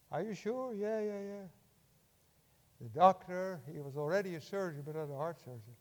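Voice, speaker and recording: An older man preaching a sermon in a church, impassioned, swinging from loud urging to hushed tones. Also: fairly high pitch, in a large hall.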